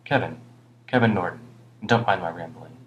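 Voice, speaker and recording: A worn-down older homeless man with a British accent, voiced by a male audiobook reader. He rambles ruefully and heaps blame on himself in a low, deep voice, sometimes muttering. A faint hum lingers behind him. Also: moderate pace, lightly acted, low-quality recording.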